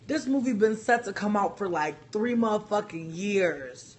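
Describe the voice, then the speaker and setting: A man's voice: sits high, expressive, moderate pace, few pauses. A man ranting casually on a phone livestream, profane and rambling, with lots of "like" fillers. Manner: profane, rambling, heavy use of "like". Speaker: vlogger.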